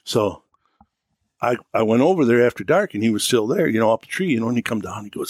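A man's voice: medium pitch, expressive, fast, no echo. An American man co-hosting a podcast, telling a long hunting story in a rambling way, peppered with "you know". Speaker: podcast co-host. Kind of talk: casual storytelling.

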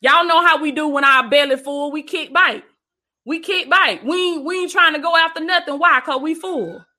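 A woman's voice: high-pitched, moderate pace, pushed and bright. A woman preacher giving an emphatic, repetitive livestream sermon, calling her listeners "baby" and thanking viewers between points.

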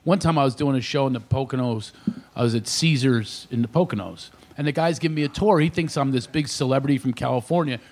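A man's voice: mid-range voice, fast. A middle-aged male comedian telling family stories on a talk show, laughing often and acting out other people. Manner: animated storyteller, laughs often, does voices of others. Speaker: comedian guest.

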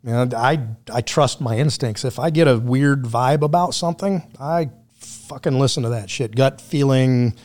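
A man's voice: medium pitch, normal speed, a little mellow. A man talking as a podcast guest, telling road stories in a blunt, profane, casual way. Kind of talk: casual conversation.

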